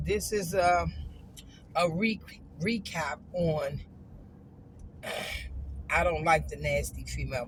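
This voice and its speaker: A woman's voice: low-pitched, background noise. A woman vlogger telling a casual, emphatic story straight to her viewers.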